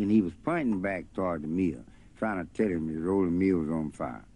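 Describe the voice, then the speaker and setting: A man's voice: sits low, brisk, warm tone. A man telling a folk tale in a loose, folksy spoken way. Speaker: storyteller. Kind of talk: folk tale told over guitar. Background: faint guitar.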